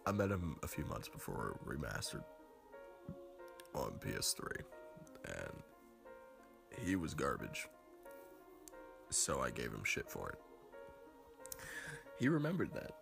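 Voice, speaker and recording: Very low man, gravelly, lively pitch, casual story, music behind. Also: slow pace, long pauses. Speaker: community member giving a tribute.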